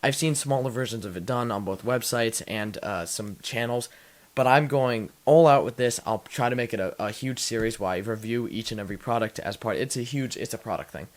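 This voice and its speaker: A man's voice: medium pitch, fairly quick. A young man hosting a casual tech unboxing vlog, rambling and self-deprecating with many restarts, a little out of breath. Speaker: tech channel host.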